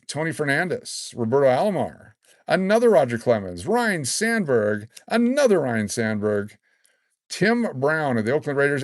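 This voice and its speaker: Man in his sixties, livestream host, rambling and excitable, mid-pitched, dry close sound. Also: dry recording. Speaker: livestream host giving away collectible cards. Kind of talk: casual live-stream chat.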